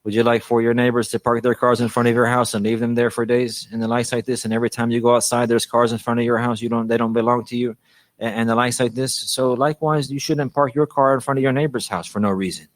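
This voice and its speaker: A man's voice: medium pitch, flat delivery, fast talker, dry recording. A man giving a religious lesson on manners, often repeating a phrase to stress it and restarting his sentences. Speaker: Islamic teacher.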